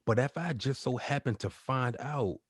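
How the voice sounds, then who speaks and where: A man's voice: medium pitch, moderate pace, husky, no room sound, studio quality. A man co-hosting a podcast, talking bluntly in a half-joking, casual way. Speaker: podcast co-host.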